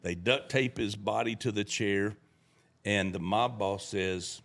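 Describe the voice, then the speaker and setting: A man's voice: on the low side, moderate pace, gravelly. A middle-aged man telling stories in a folksy, casual way, acting out the voices of the people in them. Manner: acts out voices in his stories. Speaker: guest storyteller. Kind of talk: casual storytelling.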